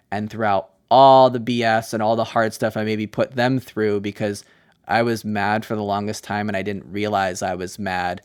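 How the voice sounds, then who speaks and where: A man's voice: on the low side, clean tone. Emotional man telling a personal story. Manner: candid and emotional, with quick restarts. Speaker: interview guest.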